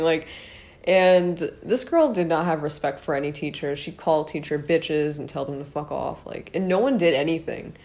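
A woman's voice: low-pitched, darkish tone. A young woman with a fading voice telling a personal story to her viewers in a rambling, chatty way, full of fillers and asides. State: losing her voice. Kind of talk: casual storytime monologue.

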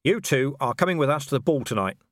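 A man's voice: medium pitch, expressive, quick pace, no echo, clean studio sound, voice pushed up, close to an everyday voice. A man voicing a blunt, weary commander of the city watch who speaks dryly and impatiently. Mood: grumbling, wry.

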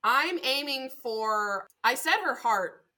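A woman's voice: sits high, animated, slow pace, sharp tone. A woman player in a tabletop role-play game, speaking fiercely in character as a mother and swearing freely.

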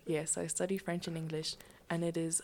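A woman's voice: on the low side, little pitch movement, normal speed, creaky, darkish tone. A young woman co-hosting a casual podcast chat, laughing often as she talks. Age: young adult. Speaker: podcast co-host.

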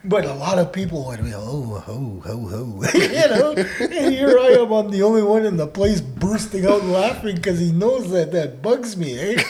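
A man co-hosting a casual podcast, talking in a relaxed way and often ending his sentences with "eh?", growing loud and laughing when he tells stories. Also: high voice, normal speed, few pauses. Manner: laid-back, ends phrases with "eh?", turns loud and laughing when telling stories. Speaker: podcast co-host teaching Odawa. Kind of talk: casual conversational chat.

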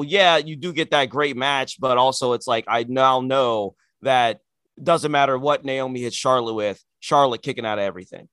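An opinionated male co-host in casual talk, animated and sarcastic as he argues his point. The sound is dry and close. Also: mid-range voice, smooth, no room sound. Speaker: podcast co-host. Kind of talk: casual wrestling chat.

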